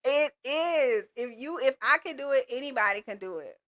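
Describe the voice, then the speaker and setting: A woman runs a live call-in coaching stream, cheering her viewers on in loose, slangy talk. Her voice sits a little high and rings bright and forward. She keeps the energy up throughout. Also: expressive, quick pace. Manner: upbeat, motivational, casual slangy talk. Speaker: business coach and livestream host. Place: Texas.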